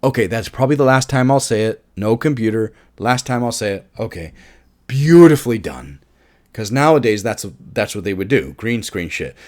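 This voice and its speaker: A man's voice: medium pitch, animated, moderate pace, a little mellow. A man giving a casual, enthusiastic film review, rambling with restarts, swearing and laughing at his own jokes. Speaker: movie reviewer.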